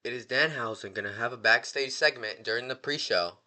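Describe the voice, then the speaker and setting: A man giving casual predictions in an excitable, slangy, rambling way, often restarting his sentences. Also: medium pitch, fairly quick. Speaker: wrestling fan vlogger.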